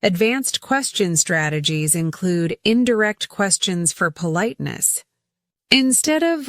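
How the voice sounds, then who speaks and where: A woman narrating a scripted English lesson, speaking deliberately and repeating words for pronunciation drills. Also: mid-range voice, expressive, fairly bright tone, no room sound, studio quality. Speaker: English teacher.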